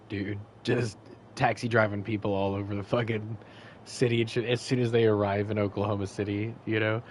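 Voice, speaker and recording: A man's voice: on the low side, level tone, brisk, slight background noise. A man telling a long, crude anecdote on a casual podcast, rambling, swearing often and losing his thread. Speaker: podcast co-host. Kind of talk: casual storytelling.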